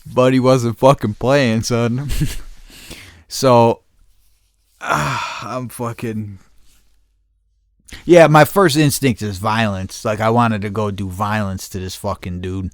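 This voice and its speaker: A man's voice: mid-range voice, slow, pauses often, no echo, clean studio sound. A man hosting a podcast, telling a rambling story with constant swearing and frequent laughter. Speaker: podcast host. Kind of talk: casual storytelling.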